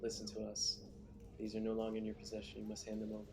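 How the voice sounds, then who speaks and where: A man's voice: fairly low pitch, monotone, fast, background noise, close to an everyday voice. A man playing a female adventurer who bluffs hesitantly, with fillers, acting like she is the boss. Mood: bluffing. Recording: music playing behind.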